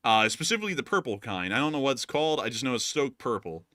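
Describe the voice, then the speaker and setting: A man's voice: mid-range voice, sing-song, fast, bright, forceful tone, no echo, clean studio sound. A man hosting a casual war news show, rambling and joking with many fillers. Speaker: host.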